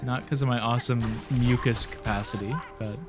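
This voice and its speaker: A man's voice: medium pitch, steady tone, a little fast, over music. A young man with a nasal voice, rambling casually while streaming a game, laughing often and swearing now and then. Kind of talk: casual gaming stream chat.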